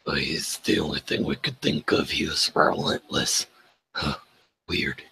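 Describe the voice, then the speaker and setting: A man's voice: very deep voice, fairly even intonation, a little slow, gravelly, bright, forceful tone, slight background noise, voice pushed down, full character voice. A man voicing a male adventurer in a tabletop game, talking in a puzzled, offhand way.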